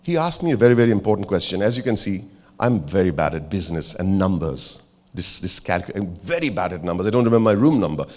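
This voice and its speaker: A man's voice: low voice, fast, in a large hall. A man with an Indian English accent giving a motivational keynote speech, telling a story and acting out its characters. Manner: animated storyteller, acts out characters, jokes with the audience. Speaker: keynote speaker.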